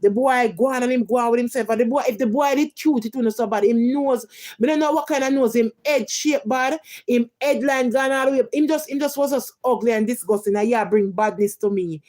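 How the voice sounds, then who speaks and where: A woman's voice: on the high side, fairly quick, darkish tone. A woman from Jamaica with a Jamaican accent, ranting heatedly in emphatic patois on a live stream. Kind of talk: casual live-stream rant.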